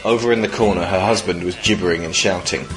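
Deep-voiced man reading a deadpan story. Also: fast, over music, low-quality recording. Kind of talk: reading a comic story aloud.

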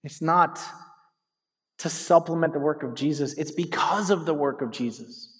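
Lively high-voiced pastor in a hall. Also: male voice, moderate pace, breathy edge. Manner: animated storytelling, speaks to the congregation directly. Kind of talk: sermon. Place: church sanctuary. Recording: hall reverb.

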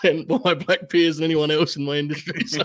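A man co-hosting a podcast in casual chat, wry and measured, laughing often. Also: on the high side, little pitch movement. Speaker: podcast co-host.

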